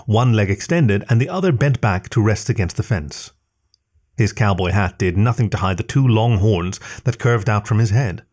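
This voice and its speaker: Man with a low voice reading a story. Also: darkish tone. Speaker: story reader. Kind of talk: scripted narration.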